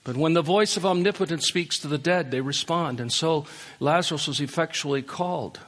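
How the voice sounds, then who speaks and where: A man's voice: on the high side, a little fast. A man preaching a sermon as pastor, pleading earnestly with his listeners in a church worship center. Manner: pleading, rising to impassioned appeals then dropping soft. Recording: long reverb of a large hall.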